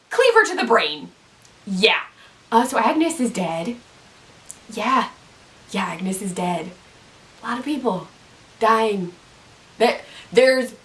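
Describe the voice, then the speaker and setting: A woman hosting a casual video recap, chatty and excitable, full of "like" and "um". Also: a little high, distant mic. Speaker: YouTube TV recap host. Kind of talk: casual chat.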